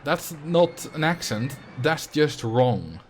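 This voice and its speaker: A man's voice: fairly high pitch, sing-song, slow pace, slight background noise. A man from the Netherlands with a Dutch accent, chatting casually on a game livestream and rambling with fillers as he reacts to chat. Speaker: streamer.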